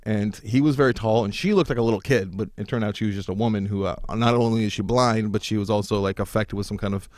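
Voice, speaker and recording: A man's voice: on the low side, steady tone, fast talker, hardly any pauses, darkish tone, no echo, studio quality. A man co-hosting a casual comedy podcast, telling rambling, self-mocking stories. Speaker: podcast co-host.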